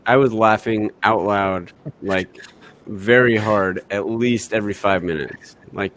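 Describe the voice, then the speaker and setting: A man's voice: fairly low pitch, a little hiss or hum. A man co-hosting a casual movie review podcast, easygoing and enthusiastic. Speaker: podcast co-host.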